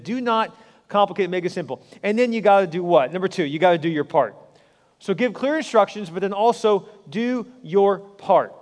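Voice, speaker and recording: A middle-aged man preaching a sermon as a pastor, repeating his points with emphasis and rising to excited encouragement. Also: high voice. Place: large church hall with long reverb. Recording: hall reverb.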